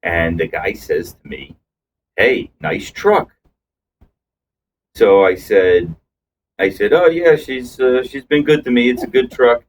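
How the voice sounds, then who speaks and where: A man's voice: medium pitch, unhurried, recorded from a distance, slight background noise, low-quality recording. A man co-hosting a casual podcast, telling long rambling anecdotes with restarts and acted-out quotes. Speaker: podcast co-host. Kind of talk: casual storytelling chat.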